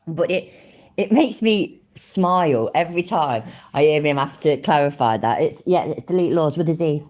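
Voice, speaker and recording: A woman from the chats casually on a live stream, her voice low but lively in pitch. She is easily amused and laughs a lot as she talks. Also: moderate pace. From Middle England. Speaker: streamer reacting to videos and chat.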